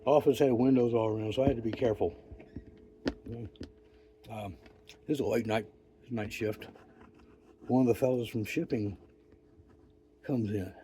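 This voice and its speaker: An older man telling a rambling story in a profane, folksy, wry way, with pauses and restarts. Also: mid-range voice, fairly even intonation, mellow, slight background noise. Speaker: vlogger. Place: outdoors.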